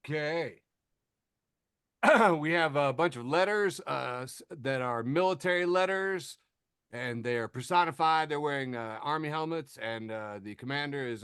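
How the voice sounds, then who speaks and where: A man's voice: fairly high pitch, measured pace, a bit bright, dry recording, clean studio sound. A man co-hosting a casual podcast, reading a meme aloud with fillers. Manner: clears throat, reads a caption with hesitant fillers. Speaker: podcast co-host.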